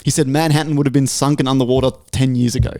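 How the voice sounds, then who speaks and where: A man co-hosting a podcast, chatting casually and retelling stories in a sweary, animated way. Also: mid-range voice, rapid-fire. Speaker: podcast co-host.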